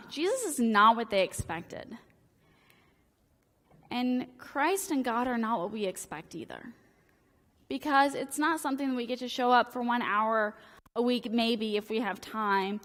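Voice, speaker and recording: A woman's voice: on the high side, bright, forceful tone, long reverb tail. A woman preaching a sermon in a church, casual and joking, peppering her talk with "like". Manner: casual, joking, talks in valley-girl-like "like" phrasing. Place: church sanctuary.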